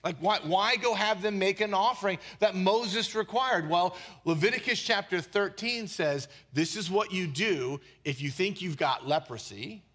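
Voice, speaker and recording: A man preaching a sermon as pastor, animated and conversational, with quick asides and jokes. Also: high voice.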